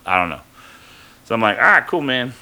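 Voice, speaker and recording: A man's voice: mid-range voice, big pitch swings, fairly quick, crowd noise. A man casually telling a rambling, profane story from his own life on a podcast, full of fillers.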